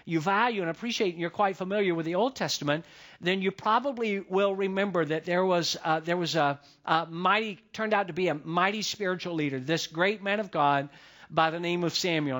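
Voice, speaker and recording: A man with a high, light voice preaching a sermon to his congregation. He talks in a conversational way and repeats key phrases to drive a point home. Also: a bit bright. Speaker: pastor.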